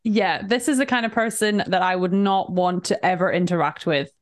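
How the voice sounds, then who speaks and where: A woman co-hosting a podcast, chatting casually about movies and reacting with quick laughs. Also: on the low side. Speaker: podcast co-host.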